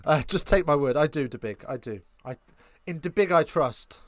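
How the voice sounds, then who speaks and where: A man with an English accent doing casual live match commentary, trading cheeky, crude banter with chat between excited calls of the play. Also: a little high, moderate pace, no echo. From England.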